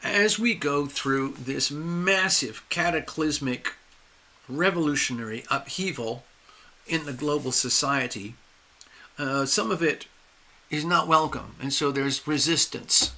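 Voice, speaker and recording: A man hosting a live astrology stream, speaking emphatically with drawn-out stresses and restarts while losing his voice. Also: on the high side, bright, forceful tone. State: losing his voice, clearing his throat. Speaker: astrology and tarot livestream host.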